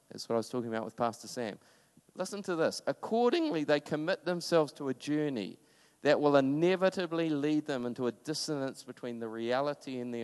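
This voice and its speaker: A man's voice: medium pitch, clear, resonant tone, long reverb tail. A man preaching a sermon in a conversational, impassioned way, with sudden emphatic bursts.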